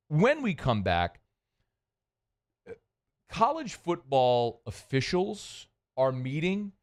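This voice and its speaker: A man hosting a sports radio show, talking loosely and reading sponsor spots. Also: on the high side. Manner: chatty, loose, folksy. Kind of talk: casual sports radio talk and live reads.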